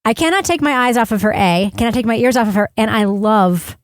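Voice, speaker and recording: A woman hosting a podcast, talking frankly and lively in casual chat. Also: on the high side, quick pace, background noise. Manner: lively, frank, laughing, swears. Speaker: podcast host.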